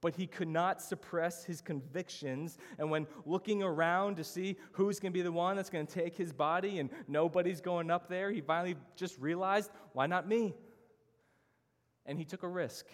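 A man with a high voice delivers a sermon as pastor, speaking at a moderate pace with few pauses and fairly even intonation. He is earnest and emphatic, laying out his points in lists, and the church hall adds a long reverb.

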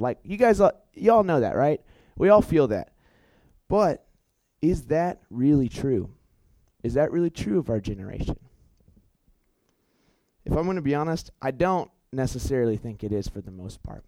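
A young man giving a storytelling sermon in an animated, chatty way, full of fillers and self-corrections. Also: fairly high pitch, moderate pace, dry recording, poor audio. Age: young adult. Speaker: youth preacher.

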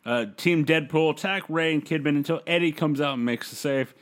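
On a podcast, a man gives a loose play-by-play recap of a wrestling show, rambling with fillers and quoting voices. His voice is on the high side and he speaks fairly quickly.

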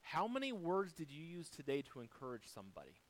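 A man delivering a sermon as a pastor, swinging between loud emphasis and soft, quiet lines while quoting scripture. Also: on the high side, huge pitch swings, a little fast, a little hiss or hum, poor audio.

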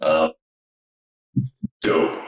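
A man's voice: very slow, heavy reverb, poor audio. A man co-hosting a podcast in casual chat, laughing often and explaining things in loose bursts. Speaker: podcast co-host.

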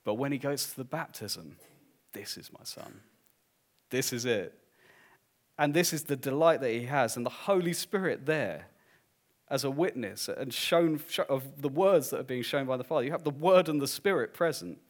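A man preaching a sermon as pastor, swinging from hushed, drawn-out lines to loud, emphatic declarations. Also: medium pitch.

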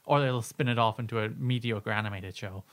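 A man's voice: lowish voice, fairly quick, fairly bright tone. A man co-hosting a casual podcast, tossing in joking quips and laughing easily. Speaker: podcast co-host.

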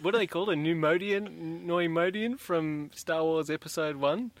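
A man's voice: fairly high pitch, normal speed, no echo. A man teasing his friends and laughing during a casual group reading. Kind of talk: casual chat.

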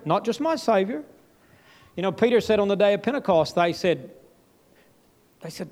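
High-voiced man preaching with emphatic swings. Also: animated, moderate pace, pauses often. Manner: emphatic, with sudden jumps and drops in pitch and loudness. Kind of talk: sermon.

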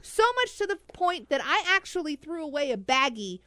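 A woman hosting a casual chat, telling a story in an animated way with frequent laughs and pleading asides. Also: high-pitched, moderate pace, dry recording.

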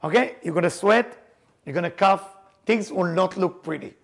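A man teaches a group about the Passover seder, his voice gravelly and husky. He pitches it fairly high and tells stories with jokes and sudden bursts of emphasis. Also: normal speed. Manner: animated storyteller, laughs and jokes, shouts for emphasis. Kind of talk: lively teaching talk to a group.

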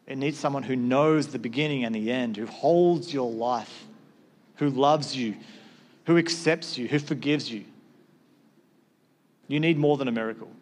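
A man's voice: mid-range voice, darkish tone. Guy pastor preaching, casual and chatty, acts out little bits of dialogue. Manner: conversational, acts out short quoted exchanges. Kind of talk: sermon.

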